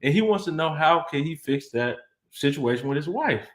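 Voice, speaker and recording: A man's voice: fairly high pitch, moderate pace. A man co-hosting a live relationship advice show, laying out a listener's situation in a loose, casual way with lots of fillers. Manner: relaxed, loose, filler-heavy phrasing. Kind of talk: casual live-stream chat.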